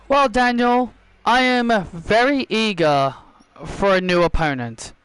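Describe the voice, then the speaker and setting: A man playing a determined female wrestler in a wrestling game, speaking slowly in a measured, lowered voice. The sound is clear and dry. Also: fairly bright tone, no echo, rough recording.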